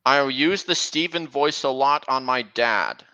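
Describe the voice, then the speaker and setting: Young guy chatting on a stream, slow and stop-start, kinda bright edgy voice. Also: mid-range voice, smooth, rough recording. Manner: halting, with frequent restarts. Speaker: livestream host. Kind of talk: casual stream chat.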